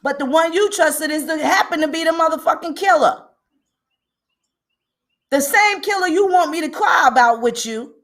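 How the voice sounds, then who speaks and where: Her high, fairly bright voice moves at a normal speed as she runs a livestream. She rants hard, curses a lot, and calls out viewers by name in her commentary.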